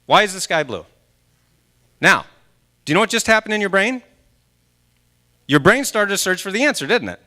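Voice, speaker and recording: A man in his forties from Maine speaks as a guest at a church service. His voice is high for a man and clear. He swings his pitch widely as he acts out his own inner voice and tosses questions to the audience. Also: big pitch swings, brisk, long pauses, pushed and bright. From Maine, USA. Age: 40s. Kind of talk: motivational talk at a church service. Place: church sanctuary during a live service.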